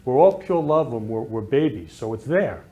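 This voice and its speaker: A man's voice: mid-range voice, animated, moderate pace, dark tone, breathy edge, dull audio. A man hosting a casual talk show, gushing and sentimental, showering guests and viewers with affection. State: emotional, near tears. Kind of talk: casual live show chat.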